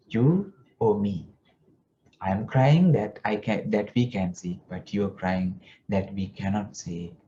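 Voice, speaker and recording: A wise, calm young boy deva, questioning patiently in a low, slow, mellow voice, as a man puts him on. The recording is dull, with faint noise behind.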